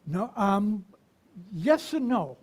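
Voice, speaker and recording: A minister giving a conversational sermon, asking the congregation questions and pausing to reflect. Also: medium pitch, sing-song, a little mellow. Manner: unhurried and reflective, with pauses.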